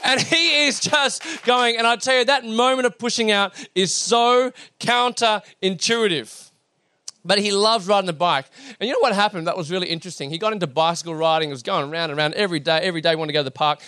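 Man, 30s, high and bright, animated storyteller who plays out every voice. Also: fast, clean tone, no echo, studio quality. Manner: animated, acts out dialogue, lots of fillers and restarts. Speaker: speaker addressing an audience. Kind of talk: storytelling talk to a live audience.

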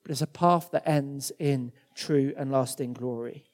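Male preacher, warm higher voice, casual sermon, long hall reverb. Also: fairly even intonation, unhurried. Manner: conversational, with acted quotes and repeated words.

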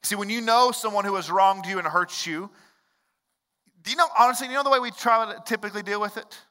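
A man's voice: high voice, fast talker, pushed and bright, long reverb tail. A male pastor giving a sermon in an earnest, conversational way, with personal stories. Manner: earnest, conversational preaching with storytelling asides.

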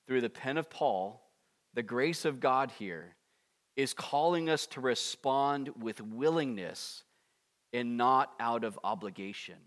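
A man preaching a conversational expository sermon, with animated asides and acted-out prayers. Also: medium pitch, takes it slowly. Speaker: pastor.

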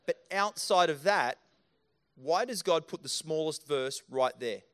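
A man's voice: fairly high pitch, expressive, a little slow, a bit bright. A man preaching a sermon into a handheld microphone in a church, talking earnestly and directly to his congregation. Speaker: pastor. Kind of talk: sermon with live scripture staging. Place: church auditorium.

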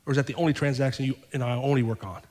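A male pastor preaching a sermon, telling a personal story and acting out both sides of the conversations, then building to fervent, loud preaching. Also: medium pitch, steady tone, rapid-fire, big-room sound.

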